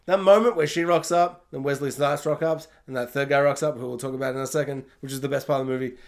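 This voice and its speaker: A man casually reviewing a film, excitable and jokey, acting out reactions as he talks. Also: medium pitch, fast. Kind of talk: casual spoiler review to camera.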